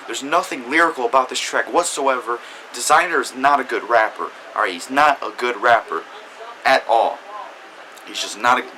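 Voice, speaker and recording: Male host tearing into songs with constant swearing. Bright voice, faint hiss underneath. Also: medium pitch, low-quality recording. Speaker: music reviewer, channel host. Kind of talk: profane ranting review.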